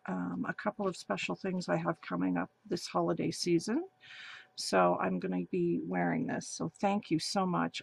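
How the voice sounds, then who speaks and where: Crafting vlogger, woman, unhurried and effusive, gravelly fry. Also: on the low side, no room sound. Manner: gushing, excited, breathy gasps. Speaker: crafting channel host. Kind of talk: casual unboxing vlog.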